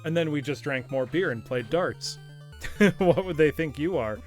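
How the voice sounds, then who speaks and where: A man's voice: on the high side, lively intonation, normal speed, faint music behind. An American man hosting a live game stream, telling a story casually and laughing often. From United States. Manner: chatty storyteller, laughs often, reads chat aloud. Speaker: streamer host. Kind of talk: casual live-stream chat while gaming.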